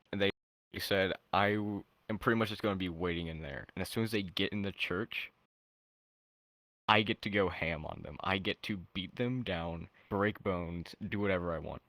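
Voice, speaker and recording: A man's voice: sits low, a bit bright, no room sound, poor audio. A man telling a casual, chuckling story as a guest on a voice-chat podcast.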